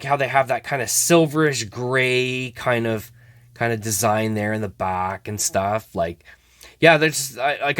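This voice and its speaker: Rambling, animated male card collector. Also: medium pitch, no room sound. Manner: hesitant, rambling, many trailing 'I don't know's; laughs easily, bursts into excited outbursts. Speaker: host of a hockey card show. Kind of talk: casual card-opening commentary.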